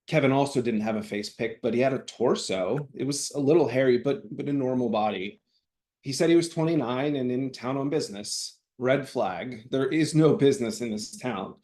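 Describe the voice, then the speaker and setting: Man giving a wry, deadpan reading. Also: medium pitch. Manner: wry, deadpan comic delivery. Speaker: writing fellow reading his work. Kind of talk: live reading of a personal essay.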